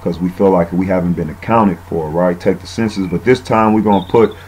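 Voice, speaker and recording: A man's voice: deep voice, fairly even intonation, a little fast, darkish tone, slight background noise, poor audio. A man giving a casual, rambling bible teaching, often saying "man" and using fillers.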